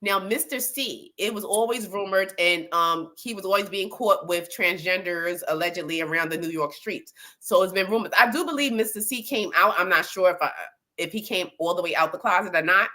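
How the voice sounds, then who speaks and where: A woman's voice: on the low side, brisk, bright, forceful tone. A woman co-hosting a casual gossip show, talking in a blunt, profane, rambling way full of restarts. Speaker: co-host.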